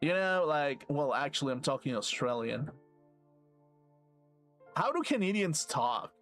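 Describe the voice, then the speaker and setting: A man's voice: fairly high pitch, sing-song, a little slow, fairly bright tone, soft background music. A man streaming a game and ranting casually, rambling and swearing as he goes. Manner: rambling, profane, laughs to himself. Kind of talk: casual rambling rant while gaming.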